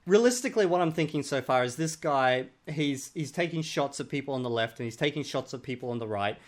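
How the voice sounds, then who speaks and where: A man's voice: mid-range voice, expressive, brisk. A man hosting a reaction video, commenting sarcastically and mockingly on a clip he reviews.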